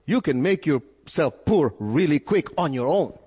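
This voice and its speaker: A man preaching a sermon in a lively, swooping voice that sits a little high for a man. He jumps up sharply in pitch and stumbles over repeated words as he presses his point. His voice rings out with a long reverb, like a large hall. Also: unhurried, husky. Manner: animated preaching with sudden rises and repeated words. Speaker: pastor.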